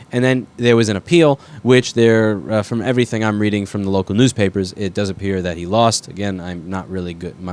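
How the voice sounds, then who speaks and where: A man who is sick with a fever, talking in a blunt, rambling, self-correcting way as he hosts a commentary video, now and then swearing. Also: mid-range voice. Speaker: repair shop owner and video host. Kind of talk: casual rambling commentary to camera.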